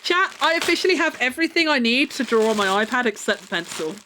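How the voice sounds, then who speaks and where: A woman's voice: fairly high pitch, lively intonation, fast, bright, forceful tone, slight background noise. A young woman chatting casually on a livestream, rambling with lots of fillers and casual swearing. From United Kingdom. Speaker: live streamer.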